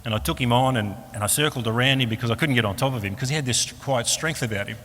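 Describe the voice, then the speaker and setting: An Australian man giving a personal faith testimony at a fellowship meeting, an animated storyteller who acts out the voices of the people in his story. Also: medium pitch, fast talker. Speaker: speaker at a Christian fellowship meeting. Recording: long hall reverb, faint room noise.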